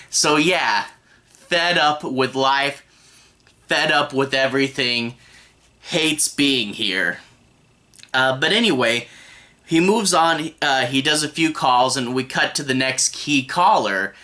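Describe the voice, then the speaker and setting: A man's voice: medium pitch, pushed and bright. A young man giving a casual, rambling spoken review of a TV episode. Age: young adult. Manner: rambling, conversational, with frequent restarts.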